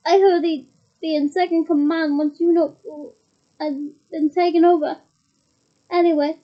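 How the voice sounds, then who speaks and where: A woman voicing a chatty, gossipy young male bus conductor who relishes a dramatic tale. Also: extremely high pitch. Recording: muffled lo-fi recording.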